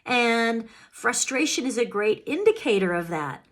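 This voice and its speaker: Speaking straight to the listener, a woman offers earnest self-help coaching on emotional healing. She is very animated and a little slow, and her pitch leaps upward as she acts out her own feelings.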